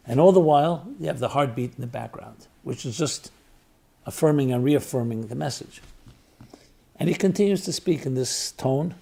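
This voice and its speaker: Man, rabbi, reflective storytelling talk, warm, gravelly, repeats phrases in threes. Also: medium pitch. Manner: repeats phrases in triplets for emphasis. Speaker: rabbi and spiritual teacher.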